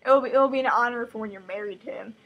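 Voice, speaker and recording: A woman voicing a stiff automaton servant girl who speaks quietly and mechanically. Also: a little high, fast, highs cut off, noisy background, close to an everyday voice. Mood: flat. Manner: flat, quiet, mechanical repetition.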